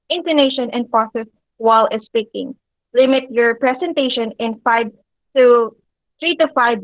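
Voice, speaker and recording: Woman teacher, high voice, dry close sound, slightly dull lo-fi audio, frequent questions to the class. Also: no room sound. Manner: pauses often, with occasional fillers. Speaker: English teacher. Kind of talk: classroom lecture addressing students.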